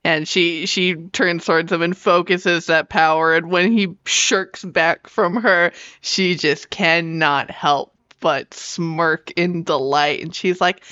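Slow-talking woman player, dry lo-fi sound. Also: on the low side, fairly even intonation, sharp tone, clean tone, dry recording. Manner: slow, thoughtful, descriptive. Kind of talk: describing a character in a tabletop game.

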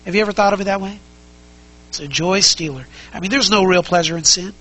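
Male pastor preaching, bright ringing voice, middle-aged, emphatic, rhetorical questions, repeats his points. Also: high voice, quick pace, rough recording. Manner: conversational, full of rhetorical questions; emphatic, repeats key phrases. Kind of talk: sermon.

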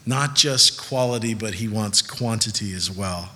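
A young man preaching a sermon in a conversational, animated way, from Southern California. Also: fairly low pitch, a little slow. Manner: conversational, animated storytelling with laughs. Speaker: pastor. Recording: long reverb of a large hall.

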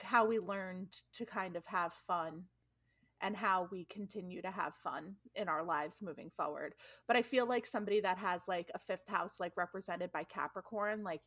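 A woman's voice: fairly low pitch, a bit bright, dry recording. Chatty woman, dry close sound. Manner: chatty, fills talk with "like". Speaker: podcast co-host. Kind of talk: casual chat.

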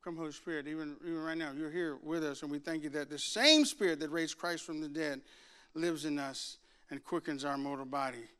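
A man delivering a sermon in a church, moving from a quiet prayer into an animated story told with acted-out voices and rising shouts. His voice sits high and carries a bright, clear ring. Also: a little fast. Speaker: preacher. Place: church sanctuary.

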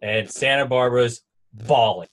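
A young man in relaxed conversation, telling a volleyball story with energy and doing quick voices for the people in it. His voice sits at an ordinary middle pitch. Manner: animated storyteller, acts out quotes. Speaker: former volleyball player. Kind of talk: casual storytelling chat.

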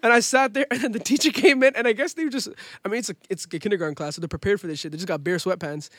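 Young man, podcast co-host, rapid slangy delivery, close dry sound. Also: high-pitched, fairly bright tone, dry recording. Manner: fast, slangy, self-mocking storyteller. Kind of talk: casual storytelling among friends.

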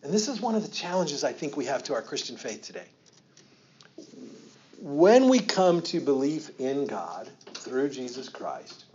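A man's voice: mid-range voice, darkish tone, lo-fi sound. Conversational middle-aged man preaching. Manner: conversational, repeats himself, asks the room questions. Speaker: pastor. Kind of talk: teaching sermon on scripture.

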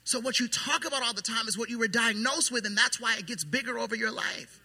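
Emphatic preaching man, bright and reverberant. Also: extremely high pitch, quick pace, breathy edge. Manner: emphatic preaching that drops to soft, hushed intensity. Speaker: pastor. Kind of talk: sermon. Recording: long hall reverb.

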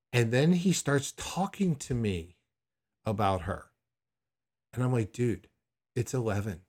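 A man's voice: mid-range voice, darkish tone, slightly rough. A middle-aged man hosting a podcast episode, telling a personal story in a candid, reflective way with frequent restarts. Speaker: podcast host.

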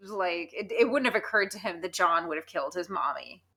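A woman's voice: fairly low pitch, a little fast, pushed and bright. A woman in a casual podcast discussion, adding agreeable short remarks.

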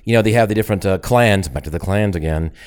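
A man co-hosting a podcast, rambling and halting in casual chat. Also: deep voice, darkish tone, smooth. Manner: rambling, halting, restarts often. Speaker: podcast co-host.

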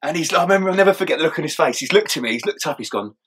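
A man's voice: on the high side, lively intonation, rapid-fire, fairly bright tone, breathy edge. A young man telling his story in a casual interview, swearing and laughing as he goes. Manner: swears often and laughs through his story, mumbling asides. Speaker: interview guest.

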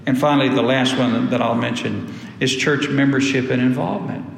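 A man's voice: mid-range voice, steady tone, fairly quick, creaky. A man preaching a sermon to his congregation, emphatic and repeating key phrases. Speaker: pastor. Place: church sanctuary. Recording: echoey hall.

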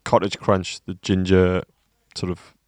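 A man's voice: deep voice, little pitch movement, unhurried, darkish tone. A man co-hosting a shop podcast, enthusiastic and jokey. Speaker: podcast co-host. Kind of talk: casual chat.

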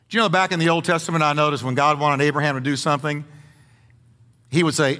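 A man's voice: on the high side, very animated, normal speed, pauses often, sharp tone, long reverb tail. A man preaching a sermon as pastor, emphatic and playful, leaning hard on repeated words for effect. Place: church sanctuary.

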